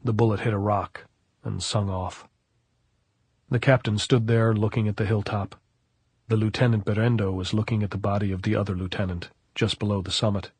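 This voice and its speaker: A male audiobook narrator with a low, husky voice, reading in a steady, even way. The recording is dry and close, with no room sound. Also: a little fast, no echo. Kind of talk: scripted narration.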